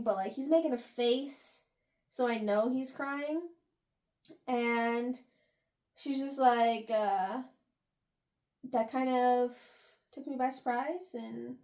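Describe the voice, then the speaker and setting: A woman's voice: a little high, a little mellow. A young woman casually recapping a novel's chapters, acting out the characters' lines as she retells the plot. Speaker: book review podcast host. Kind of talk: casual book recap chat.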